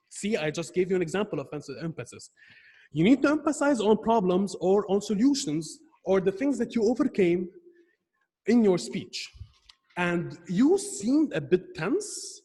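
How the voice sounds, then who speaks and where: A man's voice: sits high, very animated, mellow, husky, long reverb tail. Earnest young man giving feedback. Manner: earnest, halting with restarts. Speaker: speech evaluator. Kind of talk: online club speech evaluation. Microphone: video call.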